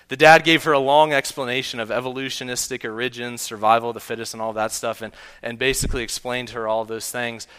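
Bright-voiced man preaching a sermon. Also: level tone, fast talker, few pauses, clean tone. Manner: earnest preaching, voice dropping low on key points. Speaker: pastor.

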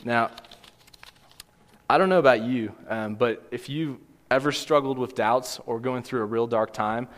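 A man's voice: mid-range voice, unhurried. A man preaching a sermon as pastor, earnest, asking his listeners direct questions and repeating his key points. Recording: long hall reverb.

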